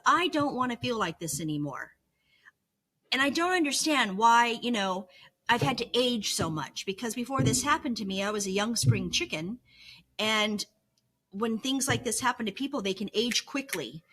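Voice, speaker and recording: A woman's voice: medium pitch, a bit bright. Middle-aged woman, candid home vlogger, confessional with wry humor, mid-range voice. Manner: earnest and confessional, with self-mocking humor. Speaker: vlogger sharing her illness recovery. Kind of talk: candid personal vlog monologue. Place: home bedroom.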